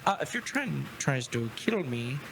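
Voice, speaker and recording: A man's voice: mid-range voice, very animated, measured pace, vocal fry, noisy background, voice pushed down. A man doing a fidgety, rambling young companion. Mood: nervous. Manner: fidgety, rambling, nervous laughter.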